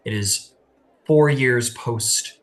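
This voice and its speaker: A man's voice: mid-range voice, extremely slow, faint music behind. A man narrating as game master of a tabletop game, casual and full of "uh" and "like". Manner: casual, filler-heavy narration.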